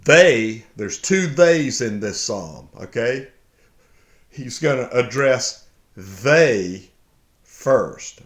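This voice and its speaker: A man slowly reading and explaining a Bible psalm, halting often, then bursting into excited shouts. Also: medium pitch. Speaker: Bible teacher. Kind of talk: casual verse-by-verse Bible reading and commentary. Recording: echoey room.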